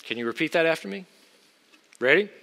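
Male preacher, high and bright-toned, emphatic, booming in a reverberant hall. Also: lively intonation, fairly quick, gravelly. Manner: emphatic, swings from low asides to loud exhortation. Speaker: preacher teaching students. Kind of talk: sermon.

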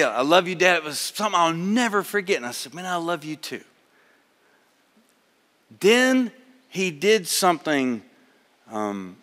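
A bright, forceful male preacher with a fairly high voice, heard in a large hall with a long reverb tail. He moves between rousing exhortation and quiet, intimate storytelling. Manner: swings from loud exhortation to hushed storytelling. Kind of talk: sermon with personal story.

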